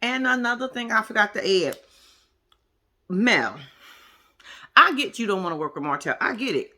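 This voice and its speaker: Blunt, cursing woman ranting, bright voice. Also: medium pitch, expressive, moderate pace. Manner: addresses viewers directly. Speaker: reality TV commentator. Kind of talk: casual reaction commentary.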